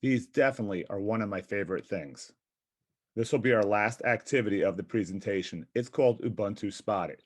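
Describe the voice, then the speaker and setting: A man's voice: fairly low pitch, a little fast, breathy edge. A man presenting a physical education workshop, upbeat and encouraging as he explains a team-building game.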